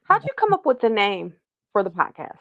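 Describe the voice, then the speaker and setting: A woman of middle pitch interviewing a podcast host on a video call. She asks probing questions in a casual, encouraging tone. The sound is dry. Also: sing-song, brisk, no room sound, phone-quality sound. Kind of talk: casual conversation.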